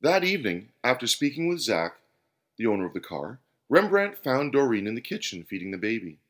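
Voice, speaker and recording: A man hosting and narrating a scripted parable with an expressive reading. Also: mid-range voice, a little fast. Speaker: host and storyteller. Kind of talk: scripted storytelling.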